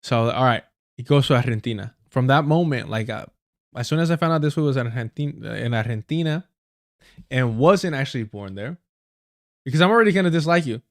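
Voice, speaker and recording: A man's voice: mid-range voice, animated, brisk, dry recording, clean studio sound. A man hosting a livestream, ranting in casual commentary. He is blunt and profane, uses a lot of slang, repeats himself for emphasis, and stops to correct himself mid-sentence. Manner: storytelling with repeated phrases and self-corrections. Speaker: livestream host.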